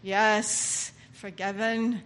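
A woman voicing God as a brisk male judge who waves people through with rapid-fire, dismissive calls. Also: medium pitch, level tone, a bit bright, long reverb tail, voice pushed down.

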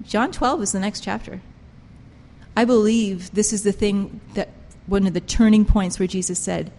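A woman preaching a sermon with passion, pressing her points hard and swinging between loud emphasis and quiet intensity. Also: medium pitch, steady tone, normal speed, in a large hall. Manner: impassioned, emphatic, rises and drops sharply in loudness.

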